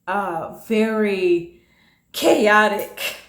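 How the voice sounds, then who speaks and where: A woman in her late twenties, casually telling a personal story, animated and acting out what others said. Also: very slow. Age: late 20s. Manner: animated, acting out quotes with big pitch jumps. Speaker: storytime vlogger. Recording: echoey room.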